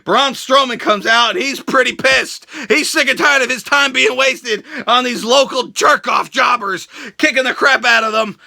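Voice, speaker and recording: Young guy ranting reviews, crude sarcastic, high gravelly voice that jumps all over. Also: moderate pace, hardly any pauses. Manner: crude, sarcastic, mocking, shouts. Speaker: show host reviewing wrestling.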